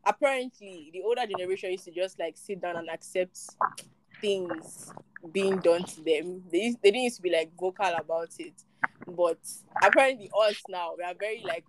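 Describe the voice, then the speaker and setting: Lively young woman hosting. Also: lowish voice, a little fast, a little hiss or hum, poor audio. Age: young adult. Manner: lively, asks questions, laughs easily. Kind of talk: casual chat.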